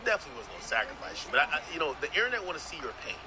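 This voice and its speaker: Jamaican man telling a lively story. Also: on the high side, very fast, background noise. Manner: rambling, profane, repeats words. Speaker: streamer host. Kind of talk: casual storytelling chat.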